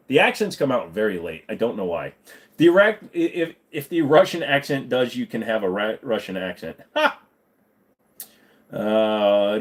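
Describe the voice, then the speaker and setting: A man hosting a casual live-stream Q&A, joking around and swearing freely while he answers chat. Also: medium pitch. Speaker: livestream host.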